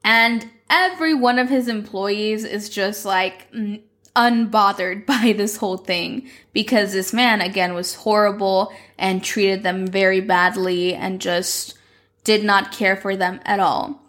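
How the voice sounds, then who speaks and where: A woman's voice: medium pitch, steady tone, measured pace, fairly bright tone. A young woman casually recapping a series plot, chatty and full of "like", acting out the characters' lines. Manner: chatty, fills with "like", acts out quotes. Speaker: show recapper.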